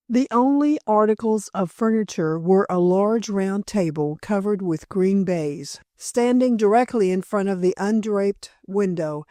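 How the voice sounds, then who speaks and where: Scripted narration of a classic mystery novel comes from a woman audiobook narrator with a mid-range voice. Her storytelling is measured and even, and the clean studio sound carries no echo.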